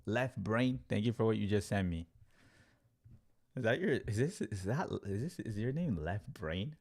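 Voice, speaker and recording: A man teaching crypto trading on a livestream, talking in an animated, story-driven way with lots of fillers. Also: fairly low pitch, normal speed. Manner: animated storyteller, acts out quotes, filler-heavy "like". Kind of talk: livestream talk to viewers.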